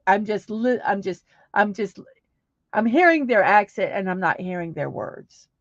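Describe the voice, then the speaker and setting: A woman's voice: medium pitch, animated, measured pace, no echo, highs cut off. A middle-aged woman hosting a small live stream, chatting casually and reading viewer comments, with many fillers and restarts. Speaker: livestream host.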